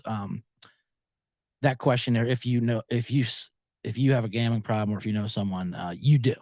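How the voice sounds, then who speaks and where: A man's voice: mid-range voice, fairly even intonation, brisk, dry recording. An American man hosting a solo betting podcast from a small booth, rambling in a profane, self-deprecating way. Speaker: podcast host.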